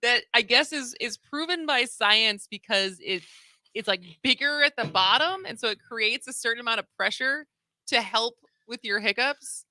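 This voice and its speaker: Bright, chatty woman radio host. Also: a little high, no room sound. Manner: chatty, laughing, quick asides. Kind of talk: casual studio banter.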